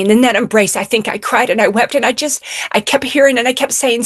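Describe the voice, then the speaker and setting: A woman's voice: on the high side, fast, a bit bright, no echo, clean studio sound. Woman telling a heartfelt faith story. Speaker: guest. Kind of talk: emotional personal testimony.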